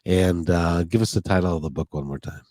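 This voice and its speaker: A man's voice: sits low, brisk, a little mellow, dry recording, studio quality. A man hosting a podcast interview, talking in an earnest, rambling way full of restarts. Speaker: podcast host. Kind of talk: casual interview talk. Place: near Puget Sound.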